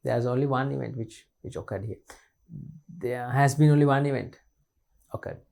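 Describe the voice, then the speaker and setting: This recorded exam-paper lesson features a man teaching at a moderate pace, his mid-range voice creaky and a little dark. He says each point several times over and keeps asking questions he answers on his own.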